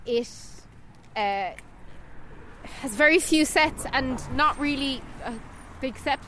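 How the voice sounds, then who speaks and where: A woman with a high voice co-hosts a film podcast and chats in a lively, emphatic way. She is quick to agree, then carries on with her own take. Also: slight background noise. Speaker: podcast co-host. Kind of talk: casual film review chat.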